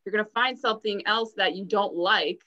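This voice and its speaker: Bright-voiced woman giving earnest advice. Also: mid-range voice, brisk. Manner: earnest, encouraging. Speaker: podcast guest. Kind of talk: casual advice talk. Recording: dull lo-fi sound.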